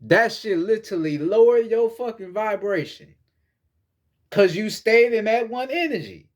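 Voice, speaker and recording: A man's voice: high voice, expressive, unhurried. A man giving a casual spiritual monologue as a vlogger, lecturing bluntly with heavy profanity and frequent repetition.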